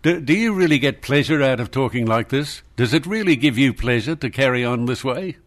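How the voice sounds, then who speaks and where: Combative older Australian radio host. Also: male voice, mid-range voice, lively intonation, fairly quick. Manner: scolding, combative, blunt. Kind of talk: talkback radio argument.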